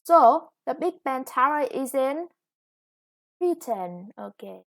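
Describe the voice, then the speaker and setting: A woman's voice: sits high, expressive, vocal fry. A woman with a Vietnamese accent teaching an English lesson, explaining patiently and drawing out new words as she goes. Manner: patient, explains slowly, stretches new words, self-corrects. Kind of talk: recorded classroom lesson for students.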